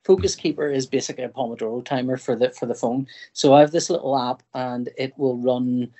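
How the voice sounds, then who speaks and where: A middle-aged man from Northern Ireland talks as a podcast guest in an easygoing, conversational way. He rambles, restarts his sentences and slips into little acted-out versions of his own thoughts. His voice sits at an ordinary middle pitch. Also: fairly quick, mellow. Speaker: comic artist guest.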